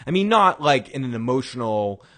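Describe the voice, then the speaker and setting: In casual chat, a man hosting a talk show rambles through a recap of a TV episode, often restarting and chuckling. His medium-pitched voice is sing-song and fairly bright, at a moderate pace, and he acts out quoted lines in bursts of raised voice.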